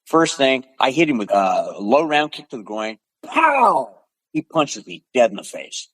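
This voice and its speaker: A man in his seventies from the Pacific Northwest, a podcast guest telling animated stories in conversation, punctuated with sound effects. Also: medium pitch, moderate pace, no echo, low-quality recording. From Pacific Northwest, USA. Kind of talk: storytelling in conversation.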